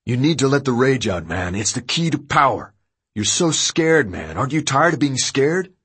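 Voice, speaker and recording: A man reading an audiobook voices a menacing, drugged-up young man who goads and bullies loudly. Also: mid-range voice, sing-song, moderate pace, slightly rough, voice pushed up. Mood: goading. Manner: loud, bullying goading.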